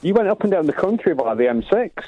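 A man's voice: high-pitched, sing-song, quick pace. A man calling in to a radio show over the phone, chatty and rambling with lots of fillers. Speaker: caller. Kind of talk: casual phone-in chat. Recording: tinny phone line.

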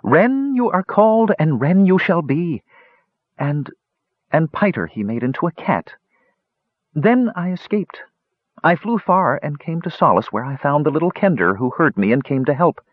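Pleading little wren woman read by a man, higher husky voice, lo-fi storybook. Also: sing-song, moderate pace, no room sound. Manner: pleading and sighing. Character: small frightened enchanted female wren. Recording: slightly dull lo-fi recording.

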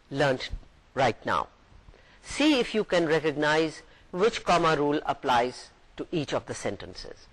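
A man's voice: on the high side, a bit bright, rough recording. A man giving a recorded university lecture, patiently explaining each point and reading example sentences aloud.

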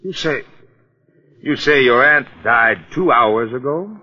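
A man's voice: medium pitch, lively intonation, slightly rough. An actor playing a shrewd male police detective in a 1940s radio drama, polite but probing. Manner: measured, probing questions. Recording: tinny old radio broadcast.

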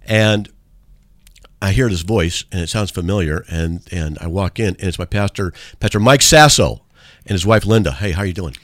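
A man's voice: deep voice, animated, moderate pace, a bit bright, no echo. A man hosting a call-in radio show from a studio, talking in a casual, joking and rambling way.

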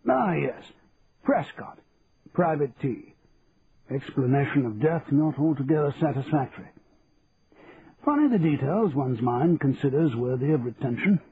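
A man's voice: fairly high pitch, expressive. A man reading as a musing old colonel. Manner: reflective, measured. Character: retired army colonel, musing and precise. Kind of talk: first-person narration. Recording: tinny phone-like line, faint hiss.

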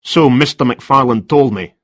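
A man's voice: medium pitch, unhurried, no echo, clean studio sound, voice pushed up, natural voice. A man reading a story, voicing a stern male police detective with firm, clipped lines, a little raised from his usual tone.

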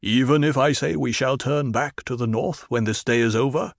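A man voicing a stern male desert tribal leader in an audiobook reading, speaking in a formal, measured way. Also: mid-range voice, vocal fry, no room sound, studio quality, lightly acted.

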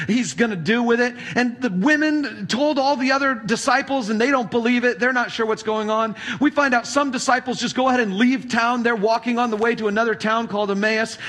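Male pastor, high-pitched, dynamic sermon storyteller. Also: a bit bright. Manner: reads scripture then retells it in plain storytelling.

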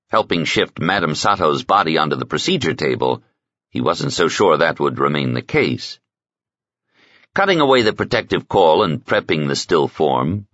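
A male audiobook narrator with a very deep, low voice and a measured, even delivery. The sound is dry with no room tone and slightly muffled in the highs. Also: no echo. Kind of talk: scripted narration.

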